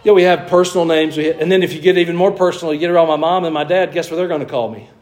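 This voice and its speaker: Southern male pastor, slightly high voice, earnest sermon delivery with questions to the crowd. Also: very fast, darkish tone. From American South. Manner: earnest preaching, varied emphasis, asks the congregation questions. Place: church.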